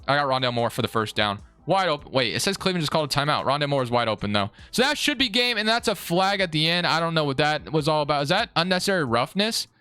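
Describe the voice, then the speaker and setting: A young man giving live commentary on his own football video game, excitable and swinging between frustration and hype. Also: fairly high pitch, clear, resonant tone, no room sound. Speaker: gaming YouTuber.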